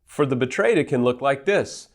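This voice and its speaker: A man's voice: medium pitch, animated, normal speed. A man giving an earnest teaching talk as a recovery counselor, stressing his points in lists. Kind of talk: teaching monologue.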